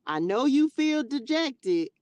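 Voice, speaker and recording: A woman voicing the Lord as a patient, all-knowing male figure who speaks in a plain, folksy way and warns gently. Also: high-pitched, big pitch swings, slow pace, no echo, voice pushed up, full character voice. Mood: warning. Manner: conversational, warning, folksy.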